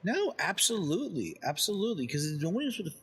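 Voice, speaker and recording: A man, a comedian guest on a podcast, talking fast and ranting with lots of swearing. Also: high-pitched, sing-song, fairly bright tone, slightly rough. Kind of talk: casual chat.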